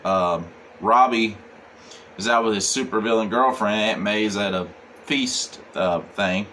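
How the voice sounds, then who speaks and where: Rambling low-voiced man recapping a comic. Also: unhurried, bright, forceful tone, a little hiss or hum. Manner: rambling, full of "he's like" and "um". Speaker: comic book reviewer. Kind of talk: casual plot recap.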